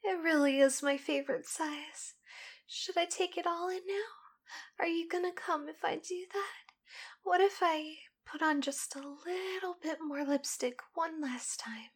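A young woman in a whispered role-play, murmuring softly and breathily in a teasing, intimate way close to the microphone. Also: extremely high pitch, a little slow.

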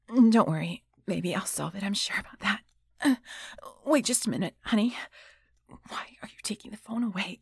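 A woman voicing a flustered married woman who is tied up and hiding a secret, in a breathy whispered role-play that swings between hushed whispers and pleading. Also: medium pitch, no room sound. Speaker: voice actor in an audio role-play.

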